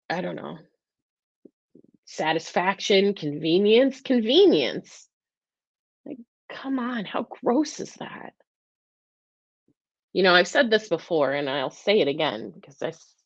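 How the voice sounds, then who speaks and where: A woman hosts a live-stream talk in a fairly low voice, earnest and openly emotional, rambling through restarts. The sound is dry and a bit dull, like a lo-fi webcam mic. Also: no echo. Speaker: host.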